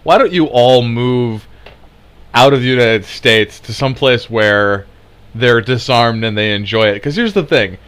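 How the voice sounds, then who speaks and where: A man's voice: medium pitch, measured pace, a bit bright, clean tone. A man delivering an angry political rant, sarcastic and heated, swearing and laughing in scorn. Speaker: commentator.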